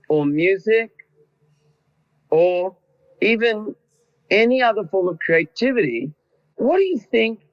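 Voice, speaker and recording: An Australian man interviewing a guest, effusive and complimentary, asking long rambling questions. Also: sits high. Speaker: interviewer, film director. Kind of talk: video interview chat. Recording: dull lo-fi audio.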